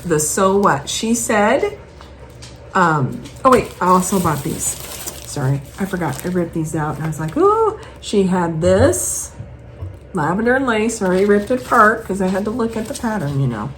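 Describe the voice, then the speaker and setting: A woman chatting casually at home as host, showing off her purchases in a rambling, animated way. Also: on the low side, moderate pace, slight background noise, rough recording.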